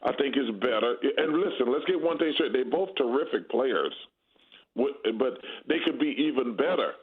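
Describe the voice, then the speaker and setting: A blunt, candid man in his fifties talks sports in a loose, emphatic way. His voice comes through a thin, tinny phone-like line that strips the low and high ends. His pitch sits in an ordinary middle range for a man. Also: lively intonation, moderate pace. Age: 50s. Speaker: guest basketball analyst. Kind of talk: casual sports talk.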